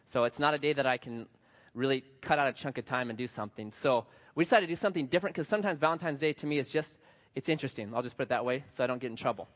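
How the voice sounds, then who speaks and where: A man's voice: mid-range voice, racing, fairly bright tone. A man in his thirties preaching a sermon as a pastor, telling a family story with playful asides and acted-out quotes. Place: church sanctuary. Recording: dull long hall reverb.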